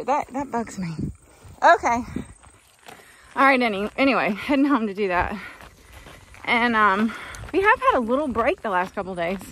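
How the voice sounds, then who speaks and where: A woman's voice: a little high, fairly bright tone, a little hiss or hum. A middle-aged woman vlogging casually from her farm, chatty and folksy as she rambles along. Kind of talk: casual vlog chat. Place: outdoors on a farm.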